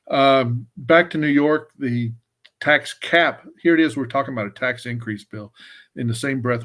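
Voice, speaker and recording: A man's voice: mid-range voice, fairly bright tone. A man from Wyoming giving an earnest, emphatic policy update on a live webcast, often restarting his sentences. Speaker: government affairs staffer.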